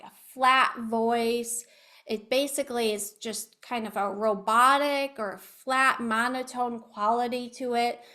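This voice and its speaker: A woman's voice: a little high, fairly bright tone. A woman speech-language pathologist giving an online educational presentation over a video call. She patiently coaches listeners through voice exercises.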